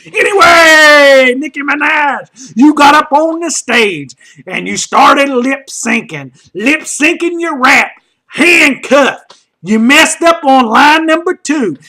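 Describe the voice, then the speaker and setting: A man delivering a loud, mocking comedic rant, often shouting and rambling with lots of "uh" fillers. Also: very high-pitched. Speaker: comedic commentator.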